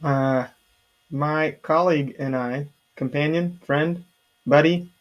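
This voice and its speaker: A man playing a tabletop game casually, speaking haltingly with many fillers. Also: on the high side, highs cut off. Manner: halting, hesitant, full of fillers. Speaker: player. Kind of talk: casual tabletop role-play.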